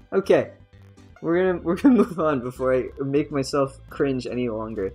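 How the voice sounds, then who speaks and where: A young adult woman streamer giving casual live game commentary, chatty and excitable and swearing freely. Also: a bass voice, moderate pace, husky, faint music behind, poor audio.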